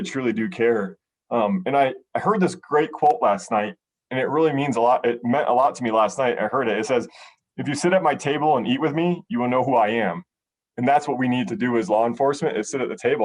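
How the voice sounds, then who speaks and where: Earnest, emotional middle-aged man. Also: mid-range voice. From United States. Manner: earnest and emotional, with frequent ums and restarts. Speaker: police sergeant. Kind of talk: personal storytelling in a podcast conversation.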